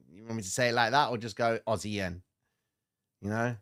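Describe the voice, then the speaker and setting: A man's voice: on the low side, steady tone, unhurried, long pauses. A man hosting a live trading stream, giving blunt, slangy market commentary and answering chat comments.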